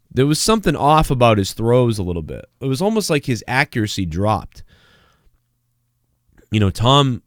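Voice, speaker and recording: A man's voice: fairly low pitch, smooth, no room sound, clean studio sound. A man hosting a live stream in casual chat, rambling, swearing freely and reading viewer messages aloud. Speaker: live-stream show host.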